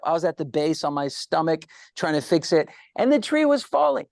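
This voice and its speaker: A middle-aged man, a guest psychologist, telling animated stories in an interview and acting out the voices he quotes. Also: fairly high pitch, quick pace, vocal fry, dry recording, studio quality. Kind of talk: storytelling interview answers.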